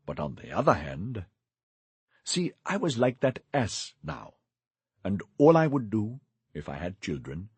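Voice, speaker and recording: Husky, animated male audiobook narrator. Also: lowish voice, measured pace, no echo. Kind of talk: scripted first-person narration.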